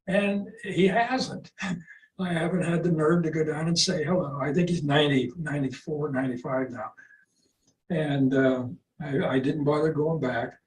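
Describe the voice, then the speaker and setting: A man in his eighties telling stories casually as a qigong teacher, rambling and halting, with restarts and chuckles, heard over a video call. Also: a little high, steady tone. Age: 80s. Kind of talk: casual storytelling. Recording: roomy, distant video-call audio with faint noise.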